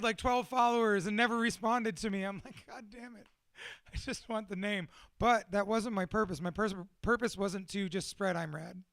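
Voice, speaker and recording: High-voiced man swearing through a candid talk. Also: a bit bright, dry recording, studio quality. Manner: profane, self-deprecating, laughs often. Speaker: motivational speaker. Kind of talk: candid personal talk to a small audience.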